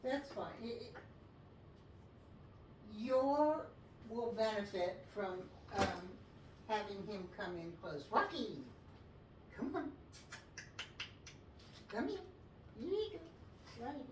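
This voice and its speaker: A woman working as a dog trainer talks through a session at an unhurried pace. Her voice sits a bit high and she gives calm instructions, then lifts into bright praise for the dog. The sound is roomy and picked up from some distance, with a faint hiss underneath. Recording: echoey, distant mic, faint noise.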